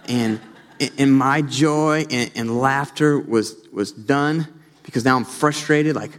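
Earnest pastor preaching in a reverberant hall. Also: male voice, medium pitch, slow pace. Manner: earnest, rises animated when telling stories. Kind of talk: sermon. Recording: long reverb of a large hall.

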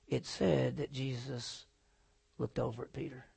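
A man preaching a sermon, swinging from loud emphatic lines to hushed, near-whispered ones and answering his own questions. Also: medium pitch, flat delivery, measured pace, vocal fry, slightly rough. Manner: asks the congregation questions and answers them himself. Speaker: pastor.

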